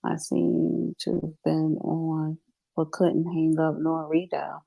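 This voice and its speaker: A woman hosting a live online audio chat, casual and flustered, talking in quick asides and repeating herself. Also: low voice, flat delivery, vocal fry, slightly rough, narrow, tinny audio. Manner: flustered, chatty, with repeated "I don't know". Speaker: host of an audio chat room.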